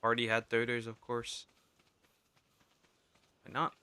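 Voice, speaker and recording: Streamer type: young man, very bright tense tone, rambling gameplay chatter to himself. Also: medium pitch, monotone, measured pace, clear, resonant tone. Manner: rambling, talks to himself while playing. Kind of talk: casual gameplay commentary.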